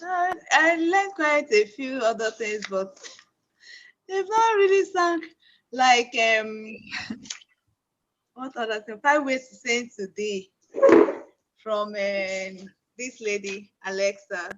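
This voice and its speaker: Woman student, slow and hesitant, dull lo-fi video call sound. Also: fairly high pitch, lively intonation, fairly bright tone, slight background noise. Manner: hesitant, searching for words. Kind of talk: answering in an online class.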